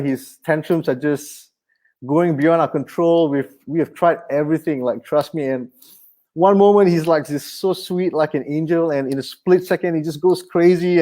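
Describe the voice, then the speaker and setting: A man preaching a sermon in an animated, conversational way with touches of humor. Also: fairly high pitch. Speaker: pastor.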